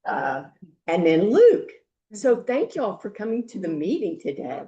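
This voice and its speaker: An older woman, a grandmother, hosting a group meeting with chatty, halting welcome remarks. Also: medium pitch, big pitch swings, mellow, reverberant, dull audio. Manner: chatty, halting, with many fillers. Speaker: meeting host. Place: meeting room.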